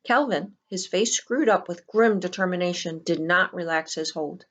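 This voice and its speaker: A woman reading a novel chapter aloud with measured, expressive storytelling. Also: on the low side, muffled recording. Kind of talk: read-aloud narration of a novel.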